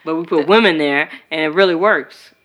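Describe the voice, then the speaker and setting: A woman from Chicago co-hosting a podcast in casual chat, animated and profane, acting out quoted voices. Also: deep voice, normal speed. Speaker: podcast co-host.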